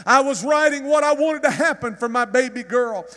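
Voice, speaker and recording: A man's voice: very high voice, normal speed, fairly bright tone. A man preaching a sermon in a church, retelling a story with impassioned, preacherly delivery. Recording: long reverb from a hall.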